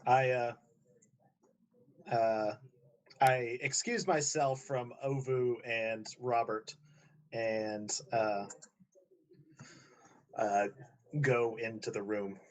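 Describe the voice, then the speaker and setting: A man's voice: medium pitch, steady tone, drawn-out words, long pauses, low-quality recording. A man playing a tabletop game, casually describing his character's actions with fillers. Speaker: player.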